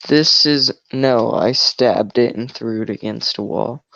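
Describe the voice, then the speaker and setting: A young man co-hosting a livestream, making dark jokes in a flat, deadpan way. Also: mid-range voice, unhurried, gravelly, dry recording, highs cut off. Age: teens or young adult. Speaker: livestream co-host. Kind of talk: casual livestream chat.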